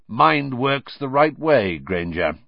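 A man voicing a gruff, scarred old male wizard with a growling voice, in a storybook reading. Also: medium pitch, big pitch swings, slow, no room sound, lo-fi sound, full character voice.

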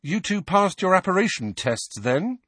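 A man's voice: sits high, big pitch swings, moderate pace, fairly bright tone, husky, no echo, voice pushed up, heavily acted. A man voicing an angry, frustrated teenage boy who demands answers sharply and sarcastically, in an audiobook. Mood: demanding. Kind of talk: audiobook character voice.

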